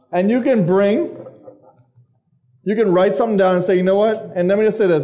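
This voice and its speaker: High-voiced man giving a casual sermon. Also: warm tone. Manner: conversational, asks the crowd questions, repeats phrases. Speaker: youth pastor. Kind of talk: informal sermon to teenagers. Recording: dull lo-fi recording of a live service.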